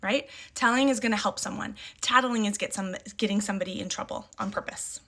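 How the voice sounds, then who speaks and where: A woman's voice: mid-range voice, a little fast, a bit bright. A middle-aged woman talking casually to camera about parenting. She is emphatic, repeats short catchphrases and acts out the firm replies she gives her kids. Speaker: parent sharing parenting advice.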